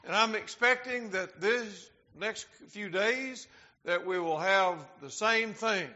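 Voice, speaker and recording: High, bright-voiced man preaching a sermon. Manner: slows down to stress key words; talks directly to the congregation. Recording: dull lo-fi sound.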